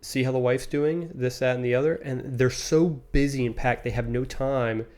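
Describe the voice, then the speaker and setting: A young man co-hosting a casual podcast, speaking at a middle pitch. He keeps it laid-back, drops dude often, and softens his points before making them. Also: fairly even intonation, moderate pace. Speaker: podcast co-host. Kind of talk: casual chat.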